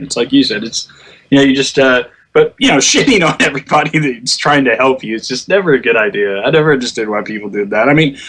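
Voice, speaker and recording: A man's voice: medium pitch, fairly bright tone, slight background noise. A man chatting casually about online gaming, telling stories with lots of swearing and laughter, acting out quotes. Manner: profane, laughing storyteller who acts out quotes.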